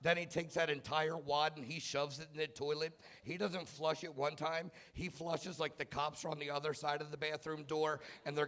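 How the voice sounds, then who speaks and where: A man in his thirties doing a stand-up comedy set in a club, telling self-mocking stories about his kids and bursting into shouted punchlines. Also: a little high, little pitch movement, normal speed. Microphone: handheld stage mic.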